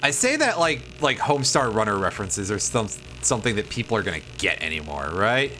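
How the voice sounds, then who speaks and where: A man's voice: fairly low pitch, big pitch swings, a little fast, bright, forceful tone, faint music behind. A man in his thirties chatting casually while streaming a video game, joking and laughing at himself. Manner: jokey, self-deprecating, laughs often.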